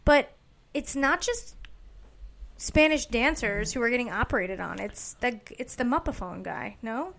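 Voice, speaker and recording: Brief: woman podcast co-host with a fry-laden, higher voice; quick, joking reactions. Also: animated, a bit bright. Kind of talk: casual chat.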